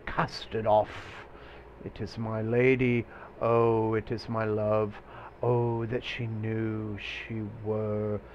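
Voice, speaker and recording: A male teacher reciting a young lover's lines slowly and softly. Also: lowish voice, level tone, lo-fi sound, slight background noise. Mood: yearning.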